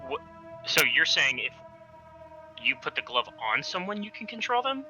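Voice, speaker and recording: A man playing a tabletop game who chats casually and asks quick, skeptical questions. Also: fairly high pitch, big pitch swings, pushed and bright, faint music behind, low-quality recording. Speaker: player.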